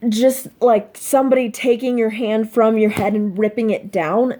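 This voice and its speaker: A teenage girl speaking in a personal confessional vlog, soft and halting, full of fillers, sounding upset. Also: fairly high pitch. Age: teens. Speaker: vlogger.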